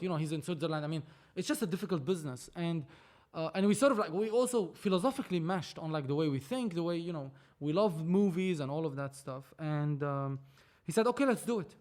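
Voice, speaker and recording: A man, a film producer and podcast guest, telling a story in animated casual talk, acting out dialogue and swearing freely. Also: fairly high pitch. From Lebanon.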